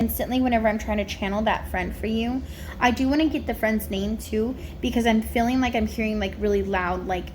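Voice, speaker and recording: A psychic medium with a medium-pitched voice gives a casual spirit reading on camera, chatty and rambling with plenty of fillers. There is slight background noise.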